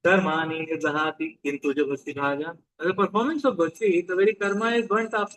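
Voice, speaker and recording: A man with an Indian accent and a high voice, a spiritual teacher, delivers a relaxed, talkative sermon to a live audience. He speaks fairly quickly, keeps asking his listeners questions and mixes Hindi phrases into his English, and the audio is poor.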